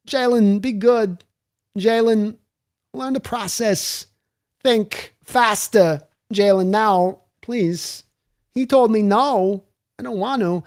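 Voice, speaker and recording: A man putting on an impression of a mournful older man who speaks in slow, broken-up phrases with odd pauses. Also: sits high, darkish tone, pitched above the performer's own voice.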